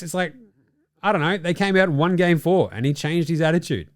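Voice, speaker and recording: Brisk and expressive, this Australian podcast host's fairly high voice delivers profane, ranting basketball opinions in a chatty commentary style. He mocks people by putting on quoted voices. The audio is studio quality with no echo.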